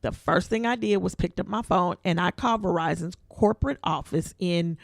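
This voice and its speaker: Animated woman telling a story, slight vocal fry. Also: on the low side, normal speed, no echo, clean studio sound. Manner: animated storyteller who acts out quoted voices; informal, colloquial speech. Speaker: podcast co-host. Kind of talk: casual storytelling chat.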